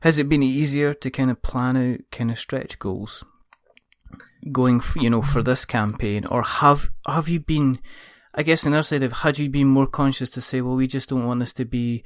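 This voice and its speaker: Jokey podcast host with a laugh. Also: male voice, mid-range voice, normal speed. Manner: jokey, laughs a lot, spins comic scenarios. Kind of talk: casual interview chat.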